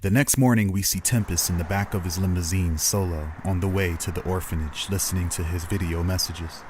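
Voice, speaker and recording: A man serving as game master, narrating a tabletop role-playing story in a steady storytelling manner. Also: deep voice, fairly quick, a little hiss or hum. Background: background music.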